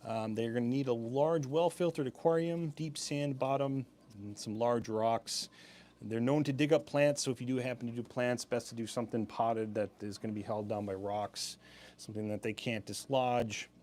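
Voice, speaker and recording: A man's voice: medium pitch, normal speed, darkish tone. Chatty, laid-back man hosting a sale. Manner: chatty, laid-back, laughs easily, rambling asides. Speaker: live-stream sale host. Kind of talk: casual live-stream product presentation.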